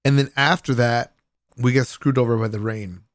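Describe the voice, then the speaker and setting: A young man talks through his trip in a loose, slangy voice-over, swinging between easygoing recaps and excited bursts where he acts out his friends. His voice sits at an ordinary male pitch and sounds dry and close, with no room around it. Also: normal speed, no echo. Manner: animated, laughing, swearing, mimics friends in raised pitch. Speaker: vlogger. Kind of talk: casual storytelling vlog voice-over.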